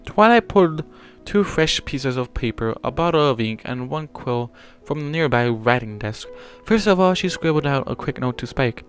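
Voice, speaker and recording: A man's voice: mid-range voice, animated, moderate pace. A man reading a fan story aloud, plainly, with small slips that he corrects as he goes. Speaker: fanfiction reader. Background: faint music.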